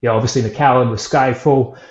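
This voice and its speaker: A man's voice: mid-range voice, fairly even intonation, brisk. A man from Scotland with an Edinburgh accent, a guest chatting casually in an interview and telling stories with frequent laughs. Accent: Edinburgh Scottish. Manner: chatty storyteller, laughs often. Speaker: guest, whisky author. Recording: echoey room, dull lo-fi sound.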